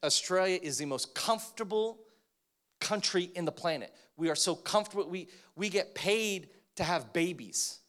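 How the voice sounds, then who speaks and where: An American man preaching a sermon to a congregation, talking in an energetic, joking way that rises to emphatic points. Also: high-pitched, normal speed. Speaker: pastor. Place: church, in front of a congregation.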